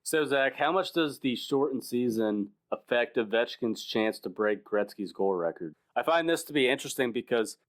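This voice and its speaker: A man's voice: mid-range voice, animated, normal speed, few pauses. A man co-hosting a sports podcast, leading segments in an upbeat, playful, casual way.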